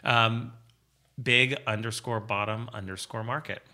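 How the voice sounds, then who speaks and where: A middle-aged man chatting as a guest, enthusiastic and quick to laugh. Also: lowish voice, steady tone, bright, forceful tone. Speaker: guest, business owner. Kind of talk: casual chat.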